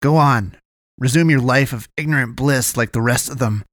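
A man's voice: unhurried, no room sound, studio quality. A man voicing a dying, scornful werewolf. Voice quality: low, muttering, bitter. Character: wounded dying male werewolf, weary, scornful.

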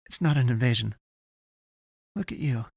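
A man's voice: on the high side, unhurried, no room sound, clean studio sound, pitched above the performer's own voice. A man voicing a frightened young woman explorer in an audiobook, speaking urgently and in a panic. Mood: panicked. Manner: urgent, panicked, then murmuring.

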